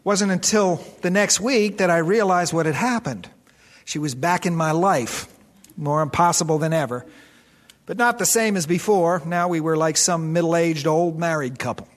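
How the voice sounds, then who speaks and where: A man's voice: fairly high pitch, moderate pace, in a large hall, natural voice. An actor playing a weary, guilt-ridden middle-aged man who narrates his own story in a radio drama. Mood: wry. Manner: dry, reflective narration. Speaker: narrator and character.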